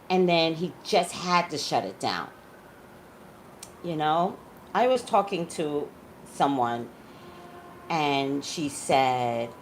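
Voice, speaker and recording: A woman's voice: low-pitched, a little hiss or hum, low-quality recording. A woman working as a psychic tarot reader, chatting casually and emphatically to her viewers, saying "like" a lot. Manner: chatty, animated, says "like" a lot. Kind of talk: casual chat to camera.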